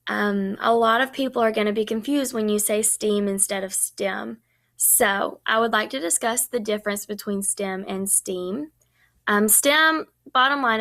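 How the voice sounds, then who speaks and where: Young woman with a gravelly edge. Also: medium pitch, fairly bright tone. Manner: chatty, many ums. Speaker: student teacher presenting. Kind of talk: recorded class presentation.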